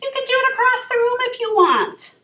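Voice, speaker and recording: A woman leading a children's yoga class in a library room, gentle and encouraging. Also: very high voice, very animated, brisk. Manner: encouraging, gentle and sing-song. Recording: echoey room, voice from far off.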